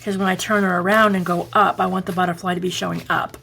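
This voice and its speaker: A woman's voice: fairly low pitch, little pitch movement, quick pace, creaky, sharp tone, a little hiss or hum. A woman with a Boston accent hosting a casual crafting tutorial, chatty and rambling, correcting herself and checking that viewers are following along.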